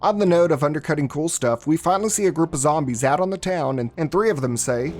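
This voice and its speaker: A man's voice: a little high, fast, music in the background. A man giving sarcastic, mocking commentary as a movie reviewer. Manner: snarky, mocking.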